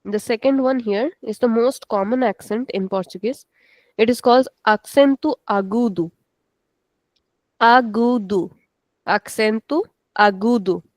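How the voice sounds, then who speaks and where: A patient Portuguese teacher runs an online class over a video call, speaking slowly and repeating words for her students. Her voice is a little high and a little mellow, and the recording is dry with poor audio.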